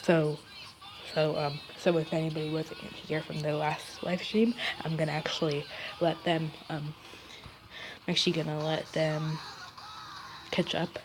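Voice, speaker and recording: A woman's voice: low-pitched, flat delivery, measured pace, background noise. A woman reading fan fiction aloud on a livestream, hesitant, with many fillers and restarts. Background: background music.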